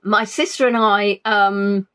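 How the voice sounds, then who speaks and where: A woman's voice: mid-range voice, steady tone, slow, fairly bright tone, clean tone. A woman hosts a live stream from home in a loose, rambling chat. She pokes fun at herself as she goes, and she still sounds not quite over an illness. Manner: chatty, rambling, self-deprecating. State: not fully recovered from illness. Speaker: livestream host.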